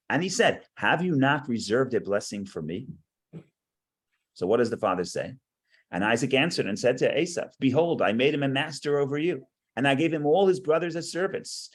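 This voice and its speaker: A man's voice: mid-range voice, expressive, normal speed. Male teacher, text study lecture, reads verses then explains, repeats words mid-thought. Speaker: Torah class teacher.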